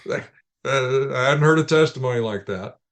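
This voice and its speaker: A man being interviewed, calmly telling field stories in measured anecdotes with frequent restarts. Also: mid-range voice. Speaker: ministry leader guest. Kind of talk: interview storytelling.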